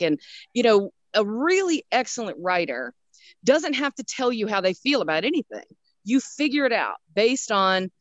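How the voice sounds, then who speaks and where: A middle-aged woman hosting a casual family chat, animated and laughing often. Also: on the high side, dry recording, highs cut off. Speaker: host.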